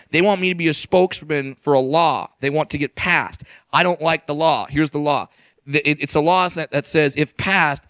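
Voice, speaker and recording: A man's voice: fairly high pitch, a bit bright, dry recording. A man from California performing a stand-up routine on a comedy stage, brash, profane and punchy, hammering his points home.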